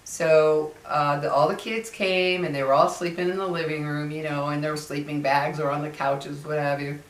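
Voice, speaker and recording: A woman's voice: sits low, level tone, moderate pace. A middle-aged woman telling a personal story in a casual, chatty way, repeating phrases and acting out what others said. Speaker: vlogger. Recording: echoey room, far from mic.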